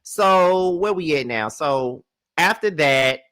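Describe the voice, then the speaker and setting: A man hosts a reaction commentary stream in an animated, profane rant. His voice is bright and forceful. It sounds dry and close, with no room echo. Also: fairly high pitch, slow, clean tone. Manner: blunt, profane, animated ranting. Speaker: commentary channel host.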